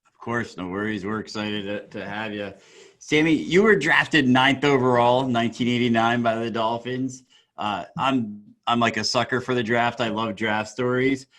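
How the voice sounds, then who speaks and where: A man co-hosting a podcast who asks questions eagerly, with a slightly rough morning voice. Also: mid-range voice, a bit bright. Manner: eager, quick questioning with restarts. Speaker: podcast co-host. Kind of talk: casual podcast interviewing.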